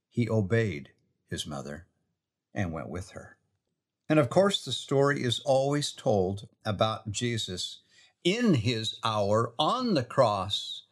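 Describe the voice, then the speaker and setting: In an earnest manner, a man with a lowish voice tells a devotional story from scripture, reading the quoted verses slowly and softly.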